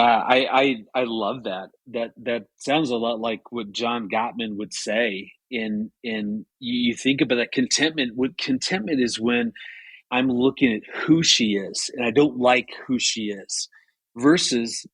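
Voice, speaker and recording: Gravelly and husky, this mid-range voice belongs to a man in his fifties who speaks a little slowly, recorded with no echo. He's a marriage author appearing as a guest in a relaxed radio chat, earnestly working through a story with frequent restarts and becoming animated in the retelling.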